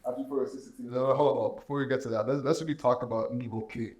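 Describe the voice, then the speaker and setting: A man's voice: medium pitch, fairly even intonation, racing, a little mellow. A man joining a casual podcast chat, jumping in to correct details. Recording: roomy echo.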